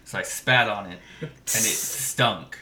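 A man's voice: fairly low pitch, slow, bright, forceful tone. A young man in casual chat, telling wry, easygoing stories. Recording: echoey room with crowd noise.

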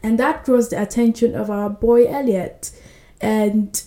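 A woman hosting a book podcast, retelling scenes with lively character voices in casual chat. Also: fairly high pitch, a little slow, reverberant.

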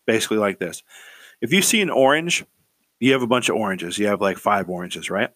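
A man's voice: lowish voice, brisk, fairly bright tone, dry recording. A man giving casual career advice in a rambling way, repeating words and checking in with "right?".

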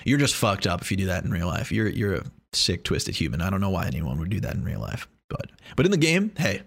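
A young man with a slightly low voice riffs through a loose, casual monologue. He rambles, restarts and jokes, dropping profanity without a second thought. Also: very animated, a little fast, gravelly, husky, no room sound, clean studio sound.

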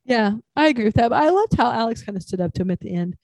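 A woman's voice: fairly high pitch, animated, very fast, darkish tone, no room sound. A married woman co-hosting a casual chat, thoughtfully agreeing and adding her own views on the episode. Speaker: podcast co-host.

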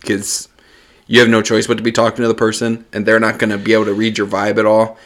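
A young man chatting casually, blunt and deadpan, swearing freely as he tells work stories. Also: on the low side, fast. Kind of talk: casual chat.

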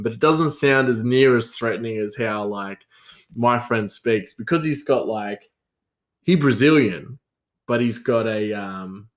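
A young man telling casual stories in a rambling way, laughing often. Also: on the low side. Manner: rambling, lots of fillers and restarts, frequent laughter. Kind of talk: casual storytelling.

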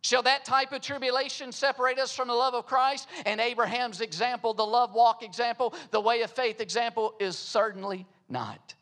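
A man with a strikingly high-pitched voice delivers a sermon. He asks his listeners question after question and repeats key phrases to drive them home. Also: fairly even intonation, normal speed, hardly any pauses, pushed and bright. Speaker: preacher.

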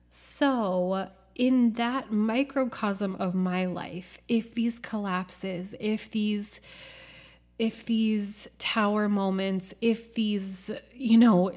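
A woman hosting a podcast, talking through a reflective spiritual monologue in an earnest, musing way, with drawn-out phrasing and frequent fillers. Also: medium pitch, a little mellow. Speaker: podcast host.

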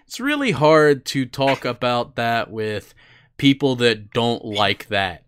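A man's voice: mid-range voice, lively intonation, slow, fairly bright tone, smooth. A young man co-hosting an anime chat, talking casually and rambling with fillers and the odd swear word. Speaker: podcast co-host.

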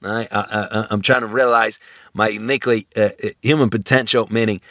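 Male lecturer, bright dry sound, halting restarts, wry rhetorical asides. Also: lowish voice, fairly even intonation, dry recording. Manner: stammering restarts, thinking aloud with rhetorical questions; wry humor with everyday examples. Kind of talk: university lecture.

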